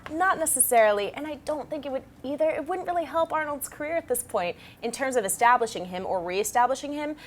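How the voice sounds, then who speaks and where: A woman with a fairly high voice giving her take on a film-news panel, her pitch rising and falling freely. She weighs each point earnestly, with faint background noise. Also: animated, fast, hardly any pauses. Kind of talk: casual panel chat.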